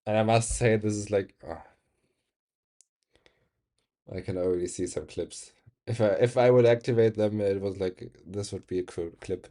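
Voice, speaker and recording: German-accented guy streamer, low mellow voice, laughs a lot while reading chat. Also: brisk. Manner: chatty, reads chat aloud, laughs often. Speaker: game streamer.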